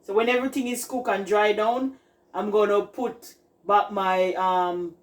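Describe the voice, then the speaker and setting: A woman's voice: mid-range voice, fairly even intonation, unhurried, rough recording. A woman with a Jamaican accent hosting a casual cooking video in her home kitchen, chatting to viewers and urging them to look at the food. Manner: chatty, calls viewers "people", keeps saying "look at that". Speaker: cooking channel host.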